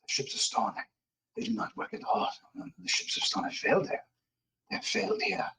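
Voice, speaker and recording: A man's voice: high voice, wildly swooping pitch, normal speed, creaky, crowd noise, voice pushed up, heavily acted. A man voicing a frantic, bound French Canadian man who pleads and babbles in a French Canadian accent. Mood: raving.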